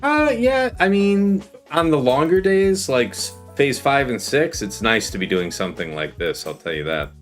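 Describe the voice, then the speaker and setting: Male streamer host, lively pitch, casual chat, faint music under. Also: moderate pace, hardly any pauses. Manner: animated, chatty while gaming.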